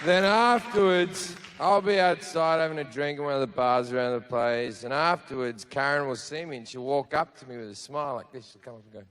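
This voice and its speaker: Crude sardonic Australian comedian. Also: male voice, mid-range voice, brisk, few pauses, a bit bright. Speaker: stand-up comedian. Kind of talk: stand-up comedy set. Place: theater stage before a live audience.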